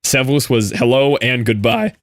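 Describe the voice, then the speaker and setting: A man's voice: mid-range voice, normal speed, no echo, clean studio sound. A young American man chatting casually while gaming, explaining things loosely with lots of "like"s. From United States. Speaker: gaming streamer.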